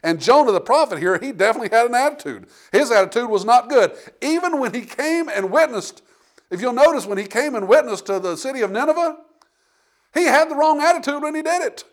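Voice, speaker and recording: A man preaching a sermon with emphatic delivery, reading scripture aloud and swinging between loud and quiet passages. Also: very high voice, expressive, a little fast. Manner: emphatic preaching, rising and falling in volume, reads scripture aloud.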